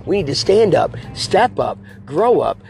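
Man ranting as talk host, gravelly, fairly high voice, preachy, faint music behind. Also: sing-song, measured pace, a little mellow. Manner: preachy, addresses viewers as folks and guys. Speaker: political talk show host. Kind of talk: ranting political commentary.

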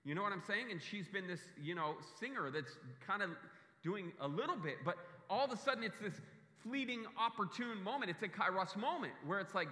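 Man, pastor, sermon, high voice, very bright tone, echoey church hall. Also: animated, brisk. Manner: earnest, repeats words when searching for them. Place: church sanctuary. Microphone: handheld or stage mic.

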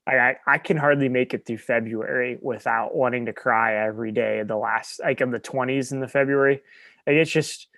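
A man's voice: mid-range voice, fairly even intonation, gravelly, fairly bright tone, no room sound. A man from Nebraska co-hosting a podcast in casual chat, rambling and correcting himself as he goes. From Nebraska, USA. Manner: rambling, self-correcting, quick to laugh. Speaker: podcast co-host.

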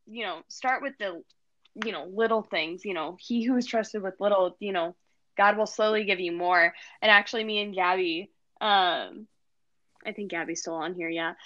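A woman's voice: medium pitch, pushed and bright. A young woman hosting a casual faith discussion, enthusiastic, with frequent laughs and fillers. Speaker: host. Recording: dull lo-fi sound.

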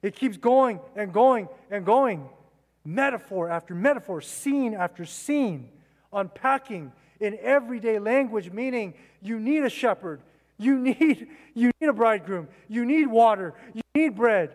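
Pastor guy preaching, kinda high voice, lots of repeating for emphasis, big hall echo. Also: animated, a little slow. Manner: emphatic preaching, repeating phrases and asking rhetorical questions. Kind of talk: sermon. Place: church sanctuary. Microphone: mic.

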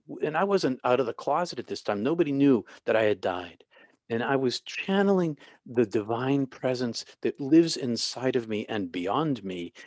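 A man, a former pastor and end-of-life counselor, telling stories as an interview guest with halting restarts. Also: medium pitch, a little mellow, dry recording, studio quality. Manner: halting, many restarts, vivid retelling.

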